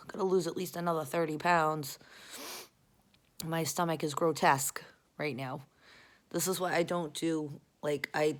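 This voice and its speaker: A woman vlogging at home, rambling bluntly and swearing as she talks to a camera she holds close, jumping between loud outbursts and quiet mutters. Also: low-pitched. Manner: rambling, profane and blunt, often restarting. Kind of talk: casual confessional rant.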